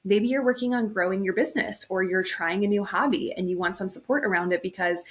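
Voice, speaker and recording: A woman hosts her own podcast alone, speaking straight to her listeners as a coach. Her voice sits at an ordinary pitch, and her manner is reflective and earnest, gently upbeat as she shares her thoughts. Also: fairly quick. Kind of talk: solo podcast monologue.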